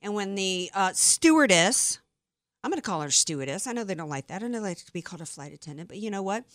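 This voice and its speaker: Animated, bright-voiced woman host. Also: mid-range voice, no echo. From Deep South of the United States. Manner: emphatic, opinionated, quick asides. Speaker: radio talk show host. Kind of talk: opinionated talk radio chat.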